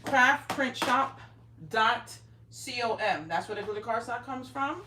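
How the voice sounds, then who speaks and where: This time she speaks slowly, her voice on the high side, while crafting live from her home craft room. The middle-aged host chats casually with a profane, brash, bossy teasing style. The mic is distant, picking up room echo and background noise.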